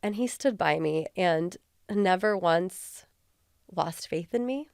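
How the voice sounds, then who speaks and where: Her fairly low voice moves slowly, smooth with vocal fry and no room sound, as this former police officer speaks earnestly and candidly as a guest on an interview podcast. She uses lots of casual fillers, recorded close on a podcast mic.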